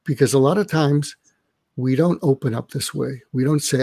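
An older man with a gravelly, slightly husky voice, heard close and dry. He speaks as a psychiatrist on a live online show. He walks through his ideas and acts out little dialogues to show them. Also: mid-range voice, moderate pace, warm tone, no room sound. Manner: role-plays inner dialogue to illustrate. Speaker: psychiatrist guest. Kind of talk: conversational interview. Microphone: online live stream.

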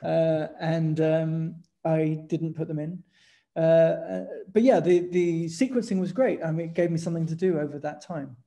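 An English man, a guest photographer in a casual conversation, chatting in an animated, storytelling way and laughing as he goes. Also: on the high side, normal speed, creaky. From England.

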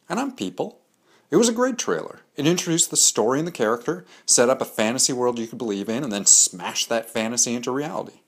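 A man reads out his own scripted reviews of film trailers. He sounds candid and opinionated and slips in dry jokes. His voice sits at an ordinary middle pitch for a man. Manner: candid, opinionated, dryly joking. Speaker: host of a comics analysis show. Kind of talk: scripted pop-culture review monologue.

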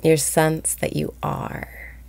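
A woman guiding a meditation, speaking slowly and softly, often breathy and whispered. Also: sits low, monotone. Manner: slow, soft-spoken, often breathy and whispered. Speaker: meditation guide. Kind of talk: guided meditation.

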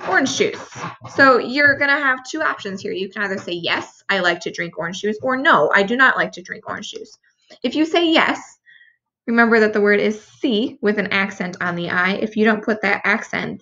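A woman's voice: medium pitch, sharp tone, lo-fi sound. A woman teacher patiently walking students through a review lesson, explaining each answer step by step. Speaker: Spanish teacher.

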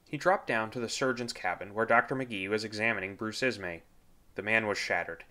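A man reading a nonfiction history book aloud as an audiobook narrator, in a measured way, lifting his pitch when he voices quoted speech. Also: bright, forceful tone.

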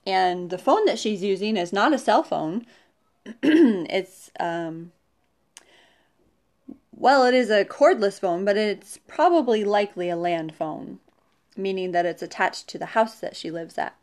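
Woman storyteller, lively pitch, chatty asides, children's read-aloud. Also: measured pace. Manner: warm-toned, chatty asides with laughs.

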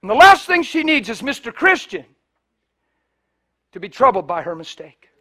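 A middle-aged man preaching a sermon, telling stories with loud emphasis and soft hushed passages. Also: very high voice, normal speed. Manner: animated, shifts between loud emphasis and soft hushed storytelling. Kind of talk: sermon with storytelling.

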